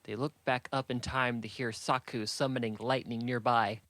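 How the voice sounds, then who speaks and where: With no echo in the recording, this mid-range male narrator works through a fantasy audiobook in an even, measured storytelling style.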